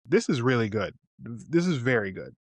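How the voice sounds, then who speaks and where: Speaking a little fast at a middling pitch, a man co-hosts a film review podcast, recounting scenes lively and performing the quoted lines. He talks casually and swears freely, captured in a dry, close recording with no room sound.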